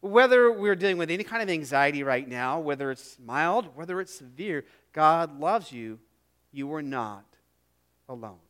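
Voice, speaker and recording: Middle-aged male pastor mid-sermon; high, resonant voice, earnest and emphatic, with quiet drops for emphasis. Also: lively intonation, moderate pace. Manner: earnest, emphatic, drops to a hush on key phrases, repeats words.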